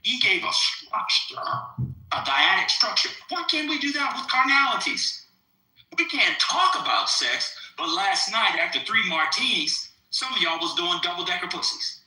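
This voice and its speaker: A man arguing in a crude, casual live-stream debate, provocative and animated. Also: high voice, normal speed, roomy sound, low-quality recording. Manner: animated, provocative, swings loud to soft.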